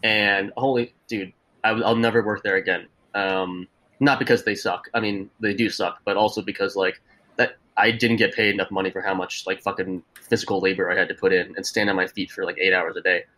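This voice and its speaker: A young man co-hosting a podcast, chatting casually and telling animated, profane stories, acting out other people's voices. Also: low voice, fairly quick. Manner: swearing, animated storytelling with put-on voices. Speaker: podcast co-host. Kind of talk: casual chat.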